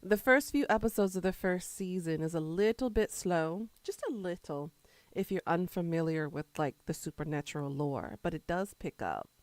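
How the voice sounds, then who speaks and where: A woman's voice: lowish voice, moderate pace, no echo. A woman streamer chatting casually with her viewers, rambling between topics and answering chat while she eats.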